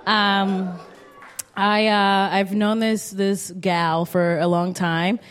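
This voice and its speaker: A woman co-hosting a live comedy show, talking haltingly, with many ums and restarts. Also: mid-range voice, fairly even intonation. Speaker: podcast co-host. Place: live stage with an audience.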